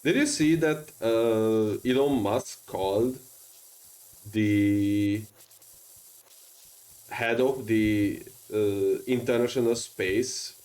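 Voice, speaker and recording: A man's voice: lowish voice, extremely slow, pauses often, a little mellow, low-quality recording. A man with a strong non-native English accent, chatting casually and rambling with many fillers while streaming a game. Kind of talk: casual gaming stream chat.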